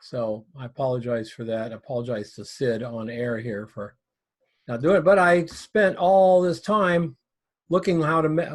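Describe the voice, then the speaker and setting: Guy hosting a video call chat, halting and full of ums, average pitch. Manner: hesitant, with many fillers and restarts. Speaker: host. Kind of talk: casual chat.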